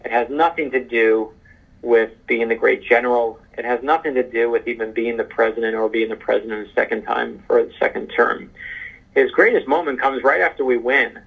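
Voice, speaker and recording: A man being interviewed as an author, telling an animated story in casual conversation. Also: medium pitch, brisk, creaky, slightly rough. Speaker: author guest. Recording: muffled phone-line sound.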